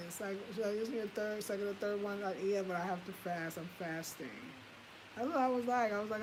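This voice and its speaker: A woman in her fifties telling a personal story in a candid, animated way, swearing casually and laughing at herself. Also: mid-range voice, a little fast, background noise. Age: 50s. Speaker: home design vlogger.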